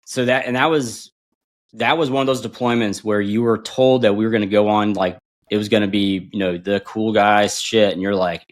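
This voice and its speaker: A man in his forties, a podcast guest and former bomb disposal instructor, telling stories in a casual, animated way and acting out quotes. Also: normal speed. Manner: animated, acts out quotes with big pitch jumps and laughs. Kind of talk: casual storytelling.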